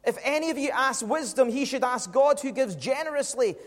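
High-voiced preacher in a reverberant hall. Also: male voice, lively intonation, a little fast. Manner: emphatic, rhetorical questions to the congregation. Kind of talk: sermon.

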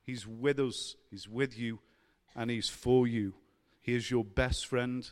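A man's voice: mid-range voice, fairly even intonation, takes it slowly. A man preaching a sermon, earnest and building to fervent emphasis. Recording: long hall reverb.

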